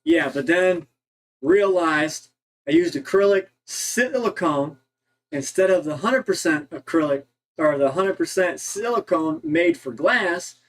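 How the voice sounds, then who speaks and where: A man with a slightly higher voice talks in a loose livestream chat, rambling and halting. He trips over his words and restarts often as he thinks aloud. He is from Ohio. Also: rough recording. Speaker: co-host.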